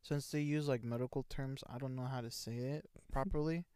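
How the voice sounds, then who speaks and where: A man's voice: medium pitch, steady tone, brisk, a little mellow, clear, resonant tone, no echo. A sleep-deprived young man co-hosting a casual podcast, rambling playfully and laughing often. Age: young adult. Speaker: podcast co-host. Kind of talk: casual chat.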